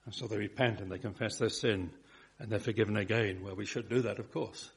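Husky-voiced preacher, emphatic sermon. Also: male voice, lowish voice, fairly even intonation, a little fast. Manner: emphatic preaching, swelling and dropping to soft repeated phrases.

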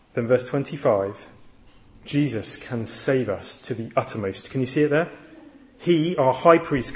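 Male preacher, mid-pitched, earnest storyteller with emphatic repetition. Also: darkish tone. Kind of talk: sermon.

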